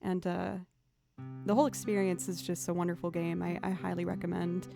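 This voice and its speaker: A woman's voice: lowish voice, little pitch movement, fairly quick, gravelly, over music. A young adult woman hosting a casual livestream as a violinist, chatty and laughing often as she thanks viewers.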